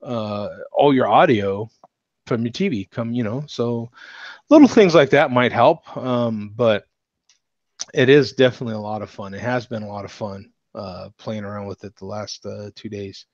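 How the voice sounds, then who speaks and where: A man's voice: on the low side, normal speed, darkish tone, no room sound, dull audio. A man hosting a live beer talk show in casual chat. He rambles, with many fillers and restarts, and laughs often.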